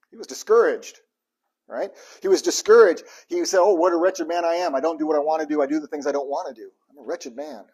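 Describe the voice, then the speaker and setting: A male pastor delivers a sermon with a slightly raised pitch and a husky edge to his voice. He retells the stories in an animated, conversational manner, acting out quoted lines and throwing in joking asides to the congregation.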